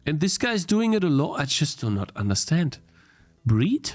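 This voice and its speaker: A man's voice: fairly high pitch, sing-song, moderate pace, soft background music. A young man streaming a game he is playing, thinking aloud, restarting his sentences and getting easily frustrated. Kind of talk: live-stream gameplay commentary.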